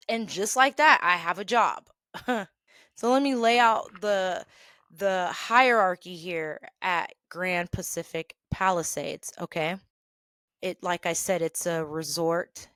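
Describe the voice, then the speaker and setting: A woman's voice: fairly low pitch, no echo, studio quality. Chatty woman host spinning work stories. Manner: chatty and animated, acting out dialogue with quick asides. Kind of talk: casual storytelling.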